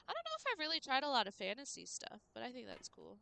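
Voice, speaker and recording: A woman's voice: on the high side, huge pitch swings, fast talker, vocal fry, bright, forceful tone. A young woman streaming a game, chatting casually and rambling to her viewers with lots of "like" fillers.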